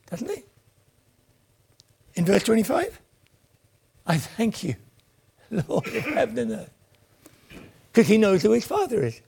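A man's voice: high voice, vocal fry, a little mellow, slightly rough. A man preaching a sermon in an earnest voice that swells and then sinks almost to a whisper. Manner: earnest, rises and falls, drops to near whispers.

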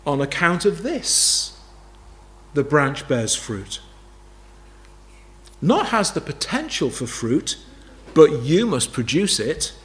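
A man's voice: a little high, sing-song, slow, long pauses, fairly bright tone. A man preaching a sermon, emphatic, repeating key phrases and asking rhetorical questions.

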